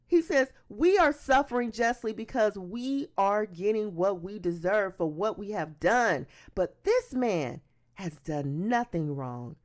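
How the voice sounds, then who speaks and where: Gravelly, animated woman preaching. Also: mid-range voice. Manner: animated, emphatic preaching that breaks into acted-out quotes; reads scripture aloud, then explains it conversationally. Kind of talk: sermon.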